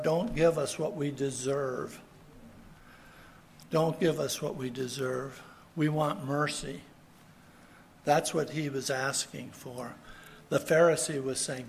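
A man's voice: a little high, slight background noise. A man preaching a sermon in an earnest way, repeating his key phrases for emphasis. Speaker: pastor.

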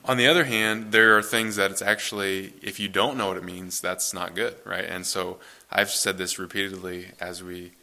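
A man in his thirties, a pastor, reading scripture and then preaching in a relaxed, conversational way in a church. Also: low-pitched, normal speed, hardly any pauses. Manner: conversational, relaxed, self-correcting.

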